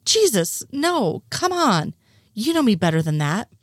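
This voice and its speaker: A woman's voice: fairly high pitch, big pitch swings, a little slow, no echo, clean studio sound, voice pushed up. A woman reading the lines of an exasperated male FBI agent in her own voice.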